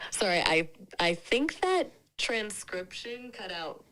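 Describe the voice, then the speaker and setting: A woman's voice: mid-range voice, sing-song, slow pace, a bit bright, low-quality recording. A woman's synthetic voice speaking as an AI companion, chatting in a friendly, casual, opinionated way. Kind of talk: conversational AI chat.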